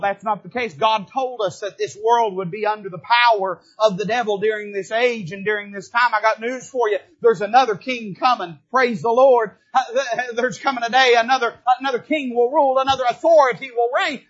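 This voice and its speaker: A pastor with a notably high voice for a man preaches a sermon from the pulpit. He speaks with emphatic force that climbs into shouting. The sound is dull and lo-fi. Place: church pulpit.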